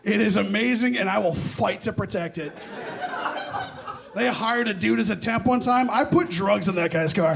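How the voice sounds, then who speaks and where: High-voiced young male stand-up comic. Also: moderate pace, gravelly, very noisy. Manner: self-deprecating, punchy, loud. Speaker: stand-up comedian. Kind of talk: stand-up set. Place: comedy club stage. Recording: live club audience laughing.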